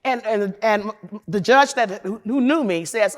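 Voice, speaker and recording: A loud, opinionated woman from Chicago gives a frank, profane talk at a conference. She is a defense lawyer with an emphatic delivery and a mid-range voice, and she addresses the audience directly. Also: medium pitch, measured pace. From Chicago, USA. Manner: talks straight to the audience.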